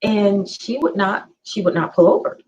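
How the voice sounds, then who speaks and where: A woman's voice: medium pitch, moderate pace, darkish tone, slight background noise. Earnest woman chatting on a podcast, keeps repeating for emphasis, kinda dull audio. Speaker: podcast co-host. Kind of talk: casual conversation. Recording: slightly dull lo-fi sound.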